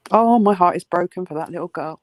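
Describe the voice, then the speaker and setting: A woman co-hosting a casual true-crime discussion, indignant and quick to agree. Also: lowish voice, dry recording. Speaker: podcast co-host.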